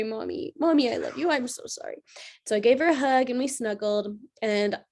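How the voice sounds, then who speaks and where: Casting: woman, slightly high-pitched, rambling chatty livestream host and astrologer. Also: a little mellow. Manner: chatty, rambling, lots of filler "like". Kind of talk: casual livestream talk.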